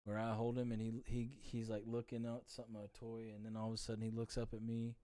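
A young man hosting a casual podcast, friendly and relaxed, greeting viewers and thanking his guest. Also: mid-range voice, fast talker, dry recording, clean studio sound. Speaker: podcast host.

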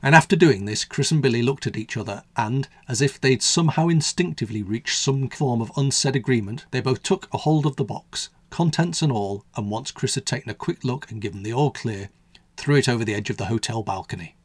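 A man from the United Kingdom, a radio host narrating a scripted story in a wry, measured way. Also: medium pitch, breathy edge, dry recording.

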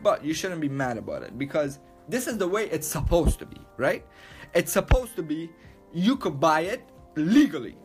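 A man ranting loudly and emphatically, swearing a lot and repeating himself. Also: on the high side, very animated, moderate pace, over music. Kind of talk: profane rant to camera.

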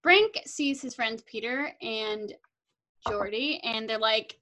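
A woman's voice: lively intonation, unhurried, pushed and bright, poor audio. A young woman from California, co-hosting a podcast and chatting casually as she recaps a movie, bubbly and acting out the characters' lines. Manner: bubbly, acts out characters' lines with big jumps up in pitch. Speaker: podcast co-host.

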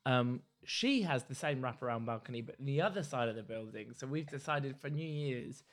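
A man's voice: medium pitch, animated, normal speed. A man co-hosting a casual podcast, telling a story in a camp, gossipy way with lots of laughter. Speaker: podcast co-host. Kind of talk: casual chat.

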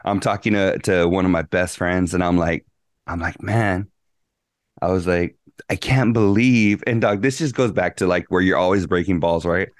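A man's voice: low voice, normal speed, dry recording, studio quality. A man co-hosting a podcast, telling a story in a rambling, casual way with lots of swearing and slang. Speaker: podcast co-host. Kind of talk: casual chat.

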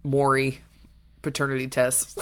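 A woman's voice: extremely low pitch, monotone, a little slow, a loud crowd. A woman co-hosting a book podcast, casually retelling a plot with acted-out quotes and swearing. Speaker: podcast co-host.

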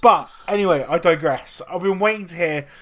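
A man on a casual podcast spins animated, profanity-laced anecdotes. His voice sits a touch high for a man. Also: fairly quick, noisy background. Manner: animated storytelling, heavy swearing. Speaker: podcast co-host. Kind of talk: casual chat.

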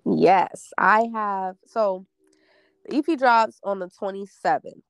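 A young woman with a gravelly, fry-edged voice talks about her music in a loose, blunt way. She swears freely and laughs often. The sound is close and dry. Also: medium pitch, slow pace, no room sound. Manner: blunt, laughing, slangy and emphatic. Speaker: singer promoting her debut EP. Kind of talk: casual interview chat.

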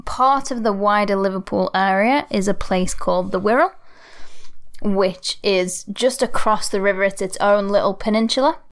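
A chatty woman co-hosts a relaxed podcast conversation. Her voice is smooth and clear at a middle pitch. She talks freely, with frequent laughs and quick asides. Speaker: podcast co-host. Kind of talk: casual chat.

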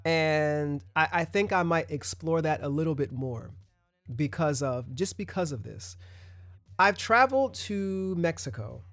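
A man's voice: a little high, expressive, a little slow, fairly bright tone, no room sound, clean studio sound, faint music behind. A man hosting his own podcast, talking loosely in a casual solo monologue with restarts and asides. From United States. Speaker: podcast host.

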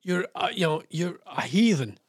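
A man's voice: sits high, animated, normal speed, slightly rough, no room sound, studio quality. A man hosting a radio show, chatting casually in a rambling, self-deprecating way. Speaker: radio host.

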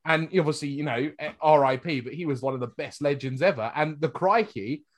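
A man with a Southern English accent, his voice sitting slightly high. He co-hosts a loose podcast conversation, chatty and often breaking into laughter, with plenty of restarts. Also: a little fast. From southern England. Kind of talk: casual podcast chat.

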